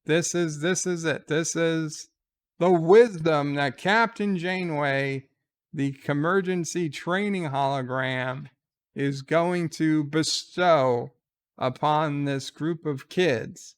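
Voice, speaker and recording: A man's voice: on the high side, slow, clean tone. A man giving casual reaction commentary on a trailer, sarcastic and exasperated as he gripes. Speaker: trailer reviewer.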